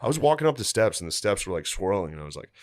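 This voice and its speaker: A man co-hosting a podcast in casual chat, animated and laughing often as he tells stories. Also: fairly low pitch, very fast, dry recording, clean studio sound. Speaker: podcast co-host.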